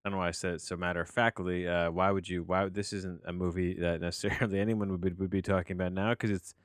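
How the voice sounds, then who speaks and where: A man with a low, smooth voice hosts his movie podcast from a home office, sounding tired and low on energy. He wanders from thought to thought, doubting himself aloud. The sound is close and dry. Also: little pitch movement, fast, no room sound. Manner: rambling, meandering, self-questioning. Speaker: podcast host and movie reviewer. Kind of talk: casual solo podcast monologue.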